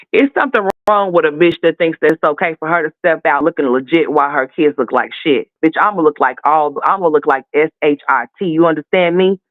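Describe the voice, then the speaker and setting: A man with a notably high voice delivers fiery, profane, sassy commentary. The sound is thin and phone-like, with no room at all around it. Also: no room sound. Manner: heated, profane, sassy ranting. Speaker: commentary host. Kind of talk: ranting commentary. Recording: tinny phone-like dry sound.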